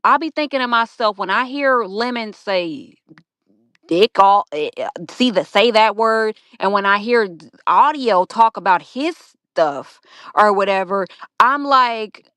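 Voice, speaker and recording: A woman's voice: mid-range voice, lively intonation, a little slow, a bit bright, smooth, no echo, clean studio sound. A woman co-hosting a casual gossip chat, rambling and restarting her sentences.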